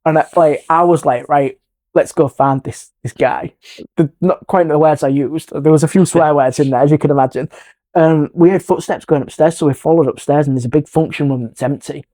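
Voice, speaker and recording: With a fairly quick pace and a voice on the high side, a middle-aged man from England relates a ghost story as a paranormal investigator chatting casually. He acts out the characters' lines with animation and lowers his voice to a hush at moments.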